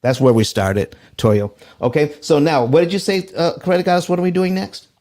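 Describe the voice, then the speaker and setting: A man hosting a live finance show, talking excitedly to his audience, reading out chat comments and repeating himself as he works through loan numbers. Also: on the high side, a little fast. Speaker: host.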